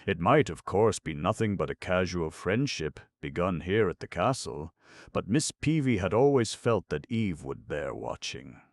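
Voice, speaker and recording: Very deep, gravelly audiobook narrator. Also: male voice, very animated, unhurried, dry recording. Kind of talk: scripted narration.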